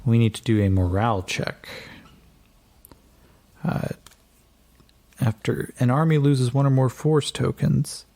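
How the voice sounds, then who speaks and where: Leading a tabletop game, a man with a mid-range voice narrates loosely and casually. He fills gaps with fillers and keeps correcting himself.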